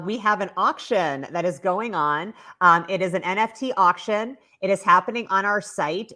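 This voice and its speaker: Woman guest on a live online panel, animated promoter, casual fillers. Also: on the low side. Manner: enthusiastic, promotional, many filler ums. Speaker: guest speaker. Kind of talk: livestream panel interview. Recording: online video call.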